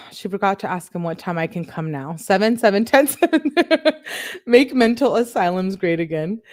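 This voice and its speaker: A woman's voice: medium pitch, expressive, normal speed, a little mellow, dry recording. A woman who runs a true crime channel, reading a couple's text messages aloud and breaking in with sarcastic, laughing asides.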